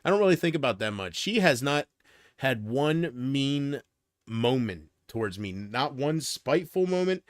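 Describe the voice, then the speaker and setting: A man's voice: mid-range voice, big pitch swings, measured pace, no room sound, clean studio sound. A man hosting a livestream, ranting casually and profanely to his chat, addressing viewers by name and rambling in restarts. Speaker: livestream host.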